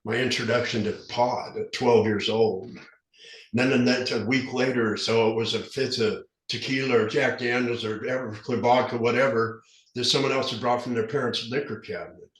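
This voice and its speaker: Podcast guest: man around fifty from southern Utah, slight denture lisp, earnest and rambling, average pitch, recorded in a roomy space. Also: fairly even intonation, moderate pace, a bit bright. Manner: earnest, rambling, frequent restarts. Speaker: podcast guest, recovery specialist. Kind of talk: candid storytelling in an interview. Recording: roomy echo.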